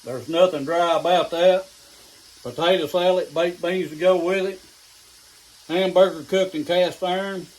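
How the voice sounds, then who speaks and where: A man's voice: sits high, steady tone, a little slow, a little mellow, rough recording. A middle-aged man with an East Tennessee accent, hosting a casual home cooking vlog in a folksy, down-home way, sometimes talking while he eats. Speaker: home cooking channel host. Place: home kitchen. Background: food sizzling in a skillet.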